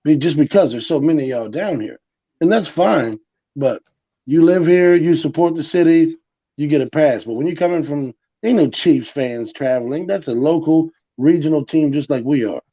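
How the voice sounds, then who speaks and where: A man's voice: a little high, moderate pace. Brash, cursing man on a dull mic. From from South Tampa. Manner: brash, swears freely, emphatic. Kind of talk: casual sports podcast chat.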